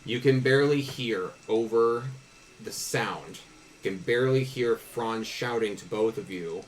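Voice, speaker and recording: A man's voice: on the low side, a little slow, a little hiss or hum, rough recording. A man narrating a tabletop game as game master, casual and descriptive, with restarts.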